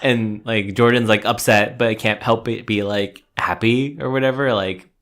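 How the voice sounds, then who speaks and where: A man's voice: on the low side, fairly even intonation, moderate pace, fairly bright tone. A man co-hosting a podcast, casually and hesitantly recapping a reality show. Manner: hesitant, full of "um" and "like". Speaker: podcast co-host.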